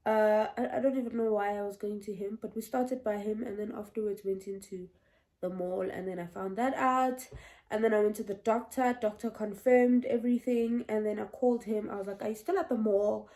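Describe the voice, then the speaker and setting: A woman in her twenties telling a personal story to her viewers in a chatty, animated way. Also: medium pitch, brisk. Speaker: vlogger. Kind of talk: story time vlog.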